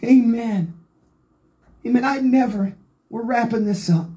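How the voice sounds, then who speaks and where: Fervent high-voiced woman preacher. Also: measured pace, rough recording. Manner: fervent preaching, quoting scripture aloud. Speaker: Pentecostal preacher. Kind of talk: sermon.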